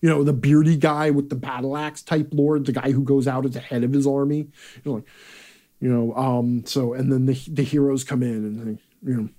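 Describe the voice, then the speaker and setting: A man's voice: mid-range voice, little pitch movement, a little fast, warm tone. A man hosting a live chat, talking bluntly and casually with profanity and rambling asides. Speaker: host.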